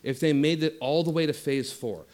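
A man giving a spiritual talk that moves from passionate teaching into a soft, slow guided meditation. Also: fairly high pitch.

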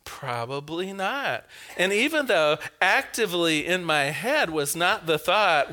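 A man from the Pacific Northwest of the US gives a reflective personal talk about his beliefs, his voice sitting high and a little slow. He tells animated anecdotes, laughs along the way, and poses rhetorical questions.

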